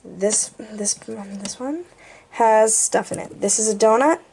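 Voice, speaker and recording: A woman's voice: on the high side, slow, vocal fry, noisy background. Playful young woman giving a room tour. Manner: goofy, playful, jokey asides. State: out of breath. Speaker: vlogger.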